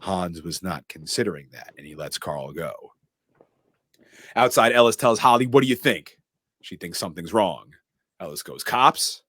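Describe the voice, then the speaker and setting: A low-voiced man recaps a movie plot scene by scene in casual podcast chat. He is animated, jumping into short voices for each character. The sound is dry and close to the mic. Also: no echo. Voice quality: animated storyteller, doing quick character voices. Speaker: podcast co-host recapping a film.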